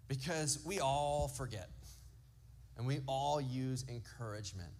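Speaking in a darkish mid-range voice, this thirty-something pastor tells family anecdotes during his sermon. He performs his children's quotes in character and lays out slow, emphatic lists.

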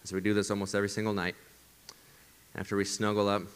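Lower-voiced male pastor preaching with hushed drops. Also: monotone, fast. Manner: emphatic preaching that drops to hushed, breathy whispers for effect. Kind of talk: sermon. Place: church service streamed to viewers at home.

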